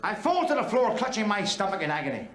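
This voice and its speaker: A man's voice: high-pitched, big pitch swings, quick pace, a bit bright. An actor playing a brash, crude male club comedian from Belfast, with a Belfast accent, telling bawdy jokes on stage. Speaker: stand-up comedian. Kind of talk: stand-up comedy performance in a TV drama. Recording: echoey club hall with laughing audience.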